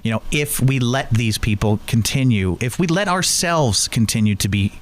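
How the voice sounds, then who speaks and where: A male talk-show host with a lively, swooping voice that rises and falls as he talks. He chats earnestly, telling personal stories to draw out his guest. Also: medium pitch, moderate pace, dry recording. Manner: chatty storyteller, earnest. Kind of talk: conversational interview.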